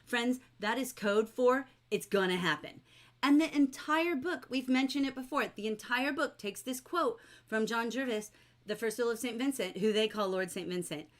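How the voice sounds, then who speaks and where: A woman teacher leading a livestreamed novel study, chatty and lively as she reads quotes aloud and answers viewers in the chat. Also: fairly high pitch, moderate pace. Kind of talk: livestreamed book discussion, reading chat aloud.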